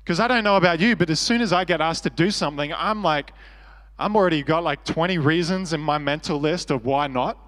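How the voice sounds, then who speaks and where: A man's voice: a little high, a little fast, a bit bright, long reverb tail. An Australian man preaching a sermon as pastor, earnest and conversational with self-deprecating humor.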